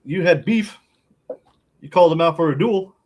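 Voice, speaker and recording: A man's voice: fairly high pitch, moderate pace, a little mellow, slight background noise. A man co-hosting a casual podcast, talking in a laid-back, rambling way with lots of fillers and a wry, sarcastic streak. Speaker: podcast co-host.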